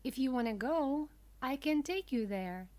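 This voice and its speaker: A kindly talking parrot from a children's storybook, as a woman voices it. it asks its gentle questions slowly and clearly. the voice sits a little high. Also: animated.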